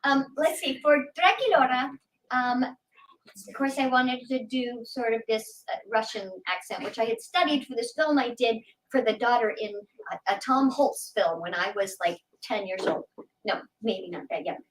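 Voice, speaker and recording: A woman with a high voice chats playfully on a fan panel. She is recorded from well back from the microphone. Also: normal speed. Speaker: voice actor on a panel. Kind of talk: casual panel chat. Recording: far from the mic.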